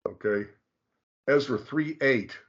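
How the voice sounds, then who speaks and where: A mid-pitched man walks through material in a casual, explanatory way, stopping and restarting his sentences often. He slows right down to stress particular names. The audio is dull and lo-fi. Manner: halting, frequent restarts, slow drawn-out stress on names. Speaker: presenter.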